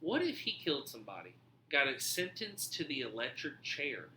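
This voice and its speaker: A man hosting a podcast, telling a story in a casual, animated way, swearing freely and acting out what people said. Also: medium pitch, normal speed, reverberant, a little hiss or hum. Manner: animated, profane, acts out quoted dialogue. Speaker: podcast host.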